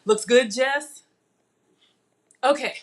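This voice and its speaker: A middle-aged woman hosts a casual live-stream cooking demo from her home kitchen, chatty and excitable, calling out to her viewers as she works. Her voice is high-pitched and she speaks extremely slowly.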